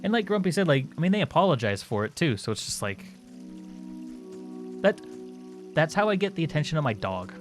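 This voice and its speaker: A man's voice: fairly high pitch, big pitch swings, brisk, pauses often, soft background music. A man doing casual live-stream commentary while playing, rambling and joking with his viewers and swearing now and then. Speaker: game streamer.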